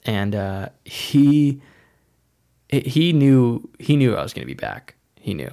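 A man's voice: mid-range voice, sing-song, slow pace, vocal fry, warm tone. A man telling a personal story in a loose, rambling way, filling his sentences with "like" and acting out what others said. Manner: rambling, heavy use of "like", acts out quoted dialogue.

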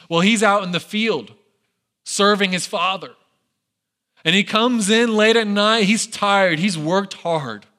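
A male pastor delivers a sermon, retelling a story with lively, animated storytelling. He slips into the characters' voices for their lines. His voice sits a little high and rings bright and forceful.

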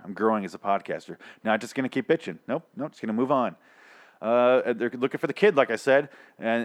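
A young man podcaster ranting in a casual, profane recap, rambling with many restarts. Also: medium pitch.

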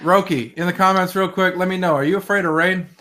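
A man co-hosting a podcast in casual chat, tossing in quick jokes. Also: high-pitched, fairly even intonation, sharp tone. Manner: quippy, joking interjections. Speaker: podcast co-host.

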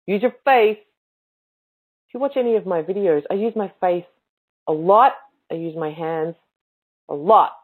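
A woman hosting a podcast and giving coaching tips in a casual teaching talk, speaking emphatically with expressive inflections. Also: mid-range voice. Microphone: livestream mic. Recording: tinny phone-like sound.

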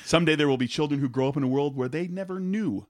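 A man's voice: on the high side, fast talker, dry recording. A man co-hosting a casual chat, riffing on jokes with a lot of laughter, in a small room. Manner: jokey, riffs on bits with laughter. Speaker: podcast co-host.

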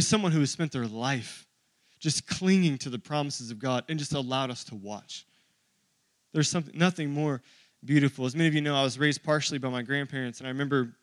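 A man's voice: on the high side, fairly bright tone, no echo. A man in his thirties preaching a sermon to his church, conversational and joking with the congregation. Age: 30s. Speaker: pastor.

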